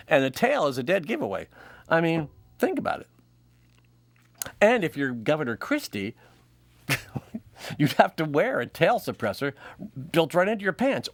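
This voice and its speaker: A man's voice: fairly high pitch, no echo. A man hosting a comedy show, delivering a jokey stand-up monologue and laughing often.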